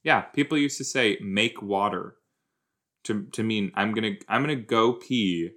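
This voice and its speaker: A man's voice: fairly low pitch, moderate pace, fairly bright tone. A young man hosting a casual watch-along show, rambling and joking as he reacts to a TV episode. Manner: rambling, playful, jumps into silly put-on voices. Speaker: podcast host reacting to a TV episode.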